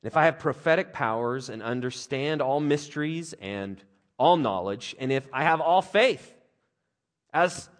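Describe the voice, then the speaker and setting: A man, a father of young kids, preaching a conversational sermon with jokes and playful put-on voices. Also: medium pitch. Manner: animated, conversational, jokey, with playful voices for others. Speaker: pastor.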